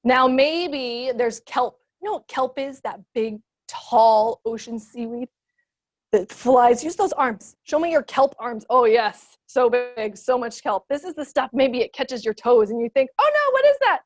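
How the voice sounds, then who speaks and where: High-voiced playful kids yoga teacher woman. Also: a little slow. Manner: playful, encouraging, sing-song cues. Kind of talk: guided kids yoga class.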